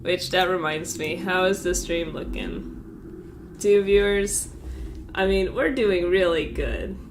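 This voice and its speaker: A woman's voice: fairly low pitch, slow pace, slight background noise. Congested woman reading game events aloud. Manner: amused, offhand asides, frequent laughter. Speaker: streamer. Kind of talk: casual live-stream commentary reading out game events.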